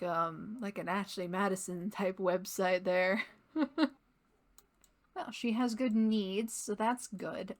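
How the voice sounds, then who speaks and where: Young woman chatting over her sims game, giggly and rambly, mid-pitched voice. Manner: giggly, rambling, laughs often. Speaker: gaming channel host. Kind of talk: casual let's-play commentary.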